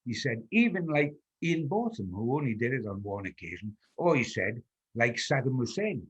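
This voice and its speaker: An older man from North East England, a veteran football journalist, tells anecdotes in an interview, chuckling throughout and quoting people in his tales. His medium-pitched voice swings widely in pitch, moves at normal speed, and sounds slightly rough.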